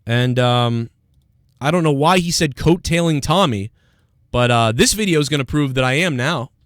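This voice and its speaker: A man's voice: mid-range voice, lively intonation, moderate pace, fairly bright tone, no echo, clean studio sound. A man hosting a livestream, ranting in an aggrieved tone and reading out chat comments. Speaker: livestream host.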